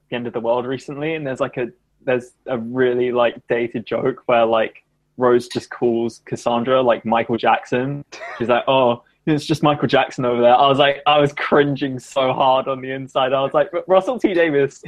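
A man co-hosting a casual chat, animated, laughing often and jumping up in pitch when excited. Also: moderate pace. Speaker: podcast co-host.

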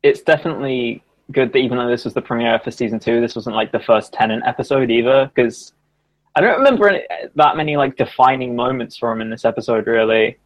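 A man co-hosting a casual chat, animated, laughing often and jumping up in pitch when excited. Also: fast. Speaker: podcast co-host.

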